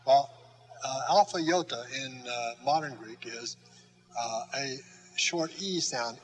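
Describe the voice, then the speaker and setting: A man teaching a lesson at a slow, patient pace, pausing often with fillers and demonstrating sounds and letter strokes. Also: mid-range voice, poor audio. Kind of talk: classroom lesson.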